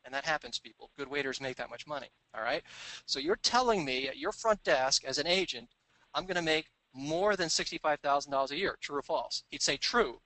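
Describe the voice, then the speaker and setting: Middle-aged man, business talk, bright tone, dry sound, storytelling. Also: a little high, lively intonation, no echo, low-quality recording. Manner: storytelling, acting out dialogue in quick voices. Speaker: business speaker. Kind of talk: recorded seminar talk.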